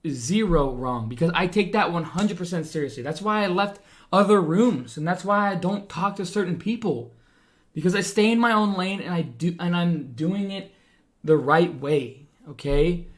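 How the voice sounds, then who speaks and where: A man's voice: high voice, animated, moderate pace. A man who trades stocks, ranting in a heated monologue, frustrated and fired up, often repeating himself and trailing off. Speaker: day trader and stock-trading streamer.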